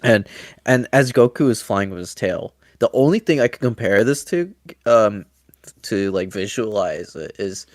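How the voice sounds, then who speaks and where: Lively, rambling male co-host. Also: on the low side, normal speed, no room sound, studio quality. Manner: rambling, tells anecdotes with many restarts. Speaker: podcast co-host. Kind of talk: casual watchalong chat.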